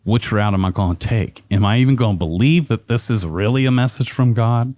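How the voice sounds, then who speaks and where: A man's voice: on the low side, a little fast, a little mellow, dry recording. A man telling his life story as a podcast guest, speaking intensely and emphatically, swearing freely. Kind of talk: personal storytelling.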